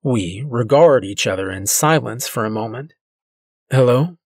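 A man narrating a first-person horror story in a slow, deliberate, tense way. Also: on the low side, a little mellow, slightly rough, dry recording, clean studio sound, faint music behind. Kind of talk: scripted narration.

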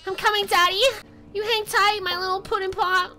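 A man's voice: little pitch movement, normal speed, sharp tone, slight background noise, full character voice. A man putting on the whiny, pleading voice of a small child while joking around during a video game. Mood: cooing. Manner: squeaky and pleading.

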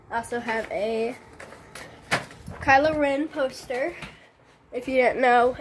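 A woman's voice: on the high side, a little hiss or hum. A young woman vlogging casually from her bedroom, rambling with lots of fillers, sounding stuffed up from a cold. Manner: chatty, rambling, many fillers. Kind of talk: casual vlog chat. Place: bedroom at home.

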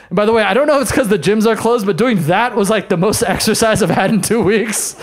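A man doing a stand-up set in a comedy bar, brash and self-mocking, with quick asides to the crowd. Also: sits high. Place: comedy bar in front of a live audience.

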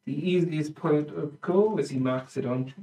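A man narrating as the dungeon master in a tabletop game, chatty and hesitant, with quick asides. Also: a little high, warm tone. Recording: roomy room, distant mic, music underneath.

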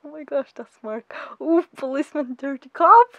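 Young woman, excited reaction vlog, giggly fangirl gushing, very high voice, lively swoops. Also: normal speed, gravelly. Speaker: anime vlogger.

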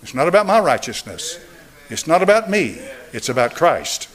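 A man in his seventies preaching a sermon and altar call, driving points home through repetition and swinging between raised and hushed delivery. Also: a little high, sing-song, moderate pace. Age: 70s. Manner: emphatic, repetitive preaching cadence. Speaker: pastor.

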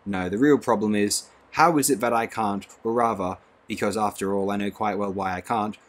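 A man's voice: on the low side, steady tone, normal speed, natural voice. A man reading an audiobook, voicing a gloomy, brooding young man who grumbles and speaks with earnest intensity.

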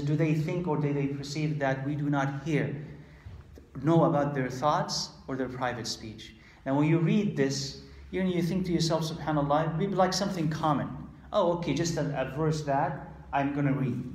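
A man giving a conversational religious lecture, acting out quoted exchanges and pausing with frequent fillers. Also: on the high side, a little mellow, reverberant. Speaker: Islamic lecturer.

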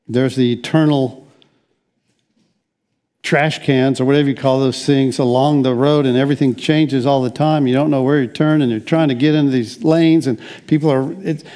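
A man's voice: mid-range voice, mellow. A middle-aged American man preaching a sermon as pastor, conversational and rambling, often restarting his sentences. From United States.

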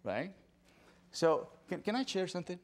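A man tells a story onstage at an event, and his pitch swings widely as he talks. Every so often he acts out excited dog lovers in high squealing voices. His voice sits a little high, and there is faint background noise. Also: normal speed. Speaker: dog behaviorist speaker. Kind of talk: animated storytelling talk. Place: event stage.

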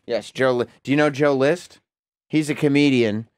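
A man's voice: mid-range voice, normal speed, clear, resonant tone, dry recording. A man hosting a casual talk show, chatty and inquisitive, introducing a guest. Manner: chatty, inquisitive, easy laughter. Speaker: host.

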